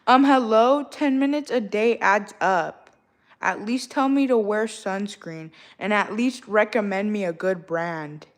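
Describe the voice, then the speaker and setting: A woman's voice: mid-range voice, measured pace. A young woman streaming live, chatting casually with her viewers and ranting in heavy slang with a mid-range voice. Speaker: livestreamer talking to chat. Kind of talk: casual livestream chat.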